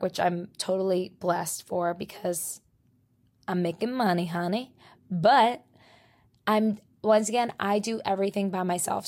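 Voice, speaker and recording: A young woman in her twenties from New Jersey, hosting a casual solo podcast. She rants about her week in profane, animated bursts with laughter, while sick. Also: medium pitch. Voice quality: profane, animated ranting with laughs and loud outbursts. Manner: drops to near-whisper while partner is downstairs. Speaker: podcast host.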